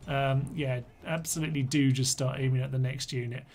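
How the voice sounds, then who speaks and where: Muttering orders to his units, a streamer gives relaxed live commentary on a strategy game. His medium-pitched voice is a little mellow and steady in tone, and he talks fairly quickly.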